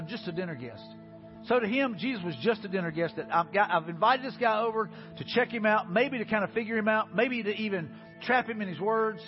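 A male pastor preaching an earnest sermon, often saying "man" and dropping to soft low tones when he makes his appeals. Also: muffled recording.

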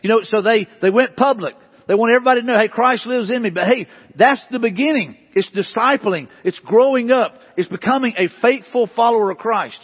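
Husky, high-voiced preaching man in a hall. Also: a little fast. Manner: repetitive, emphatic preaching with rising bursts. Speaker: pastor. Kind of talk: sermon. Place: church sanctuary. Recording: dull lo-fi hall recording.

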